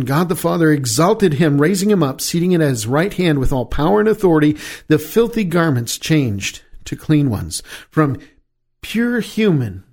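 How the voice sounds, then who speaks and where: A middle-aged man preaching a sermon, asking rhetorical questions and slowing down on the key phrases. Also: on the high side, a little mellow.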